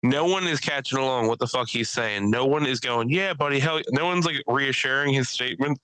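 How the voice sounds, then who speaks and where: A man's voice: medium pitch, fairly quick, clean tone, dry recording, low-quality recording. A young man, hosting a podcast and rambling through comedy stories, swearing freely. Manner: rambling storyteller, swears a lot, acts out people in loud bursts. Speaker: podcast host and stand-up comedian. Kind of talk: casual chat.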